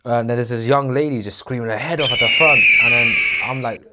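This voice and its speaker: A man co-hosting a podcast, telling a story in a casual, animated way and acting out the people in it. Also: mid-range voice, fast, few pauses, background noise. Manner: animated, acts out voices in his story. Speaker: podcast co-host.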